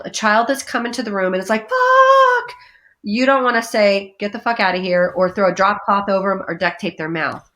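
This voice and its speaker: A woman appears as a guest energy healer on a podcast, discussing breathing exercises in an interview with a coaching feel. She's animated and lively, acting out her inner thoughts in playful voices with big jumps in pitch.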